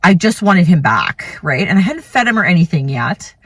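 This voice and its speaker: A woman's voice: fairly low pitch, sing-song, normal speed, slightly rough, no echo. A woman in her thirties casually telling a personal story, chatty and rambling, full of "like" and "you know.". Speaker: vlogger, mother telling a birth story.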